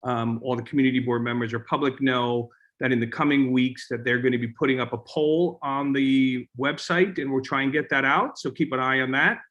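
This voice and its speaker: A man chairing a community board meeting, talking informally with many halting restarts. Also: medium pitch, steady tone, a bit bright, muffled recording.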